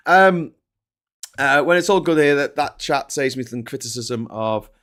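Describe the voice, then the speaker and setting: A man's voice: mid-range voice, animated, unhurried, fairly bright tone. A man with a Scouse accent hosting a political livestream, reading chat and ranting with plenty of swearing. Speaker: live stream host.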